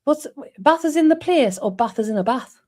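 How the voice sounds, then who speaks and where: A woman in her forties from North East England, co-hosting a live stream, laughs often while casually chatting with viewers. Her high-pitched voice is animated and a little mellow, moving at a moderate pace.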